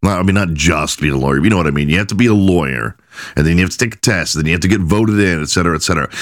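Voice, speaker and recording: Deep-voiced man telling rambling profane stories. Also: dry recording, clean studio sound. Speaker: podcast host. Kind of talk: casual storytelling monologue.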